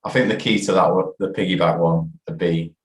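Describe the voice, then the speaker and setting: Deep guy hosting a podcast, laughs a lot, roomy echo. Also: steady tone, a little fast. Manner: laughs easily, asks questions. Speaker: podcast host. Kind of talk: casual chat. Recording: echoey room.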